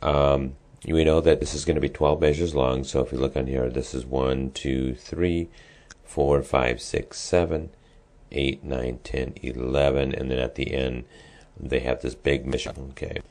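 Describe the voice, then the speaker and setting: Speaking with a flat delivery in an extremely deep, slightly mellow voice, a music teacher walks his students through an assignment in a screen-recorded walkthrough. He's casual, explains every step, and frequently pauses with ums and begins sentences over.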